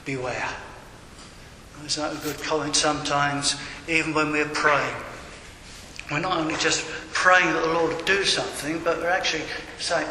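A man's voice: fairly high pitch, bright, forceful tone. An older man preaching a sermon in a conversational manner, with wry digressions. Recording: echoey hall with faint room noise.

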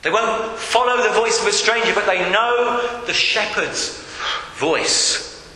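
Earnest preacher in an echoey hall. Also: male voice, high-pitched, slow, bright, forceful tone, slight background noise. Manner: earnest, rising to calls and appeals. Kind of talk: sermon. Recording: echoey hall with long reverb.

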